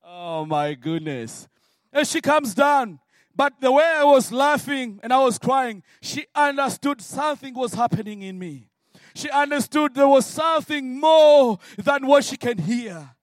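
A man from Africa preaching a sermon and telling his own story, swinging from hushed words to shouted prayer. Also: very high voice, dry recording, clean studio sound. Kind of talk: sermon testimony.

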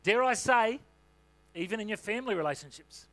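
A man who is a senior pastor, preaching a sermon in a relaxed, conversational way with lots of "you know" fillers. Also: high-pitched, fairly quick.

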